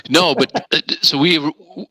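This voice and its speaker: Canadian man, very bright voice, lively storyteller, dry sound. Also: a little high, unhurried, dry recording, low-quality recording. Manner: animated storyteller, swears freely. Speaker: actor guest. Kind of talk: casual video call storytelling.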